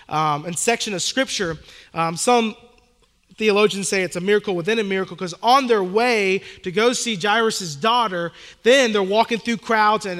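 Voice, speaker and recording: Pastor, male, high voice; earnest, casual sermon delivery; reverberant hall. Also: a bit bright. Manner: reads scripture slowly, then retells it in casual modern talk; earnest, emphatic, repeats key phrases. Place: church hall.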